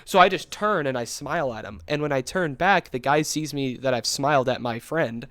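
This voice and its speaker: A young man co-hosting a podcast, telling a story in a rambling, animated way, full of fillers and quick laughs. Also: medium pitch, no echo, studio quality. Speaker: podcast co-host. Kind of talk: casual storytelling chat.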